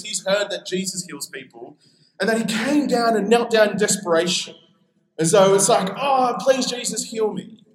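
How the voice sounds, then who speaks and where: High-voiced Australian preacher, echoey room. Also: male voice. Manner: conversational preaching, acts out quoted voices. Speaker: pastor. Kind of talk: sermon.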